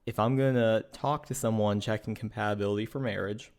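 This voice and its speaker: An earnest young man with a somewhat low voice recounts a personal experience. He speaks in a measured, matter-of-fact way, explaining himself step by step. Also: fairly even intonation, darkish tone. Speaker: podcast co-host. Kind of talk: personal storytelling.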